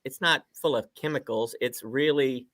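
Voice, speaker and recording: A man chatting on a live beer stream, animated and opinionated. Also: mid-range voice, normal speed. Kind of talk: casual chat.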